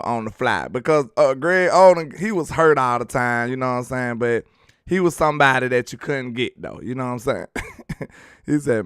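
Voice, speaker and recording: A man's voice: mid-range voice, smooth, no echo, studio quality. A man hosting a casual sports livestream, reading chat comments aloud with laid-back slangy banter and frequent laughs. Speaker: sports talk livestream host.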